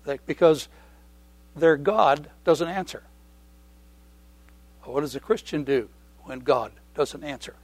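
A middle-aged man preaching a sermon in a conversational way, repeating key phrases and often clearing his throat. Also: a little high, no room sound.

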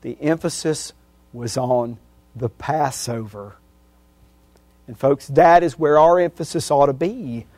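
Male preacher, slightly high, dry close sound, emphatic peaks, hushed tails, reads verses one by one. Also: slow, long pauses, no room sound. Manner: wide swings from loud emphatic peaks to hushed, trailing endings; reads scripture verse by verse, repeating phrases for emphasis. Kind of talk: sermon.

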